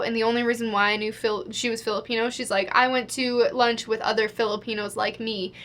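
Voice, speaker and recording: A woman's voice: on the high side, a bit bright. A young woman telling a storytime vlog to the camera, chatty and exasperated, full of "like". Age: young adult. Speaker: vlogger.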